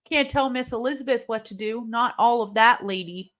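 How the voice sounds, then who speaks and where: A woman's voice: fairly high pitch, normal speed, fairly bright tone, natural voice. A woman voicing a defiant, angry woman who refuses to be ordered around, muttering with sass and swearing.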